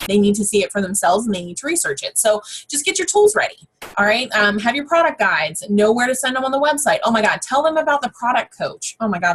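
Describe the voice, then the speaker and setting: A woman's voice: fairly high pitch, fairly bright tone, breathy edge. A woman giving a casual, chatty sales training from her home office, full of fillers and exclamations. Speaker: network marketing team trainer.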